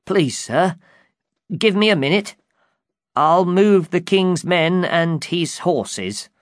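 A man voicing a frightened cart driver who pleads in a high, strained voice in a storybook reading. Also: animated, slow, dry recording, studio quality. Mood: pleading. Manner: pleading, fearful.

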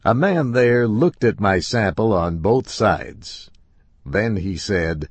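A man reading a first-person story aloud in a slow, expressive way. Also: on the low side, dry recording. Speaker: narrator.

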